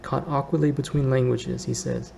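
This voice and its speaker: Gravelly, dark-voiced man reading a novel. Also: medium pitch, fairly even intonation, normal speed, a little hiss or hum, rough recording. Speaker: reader.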